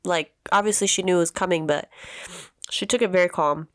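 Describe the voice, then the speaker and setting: A woman in her thirties, a podcast host telling a personal story in an emotional, halting way with many restarts. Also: lowish voice, no echo, clean studio sound. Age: 30s.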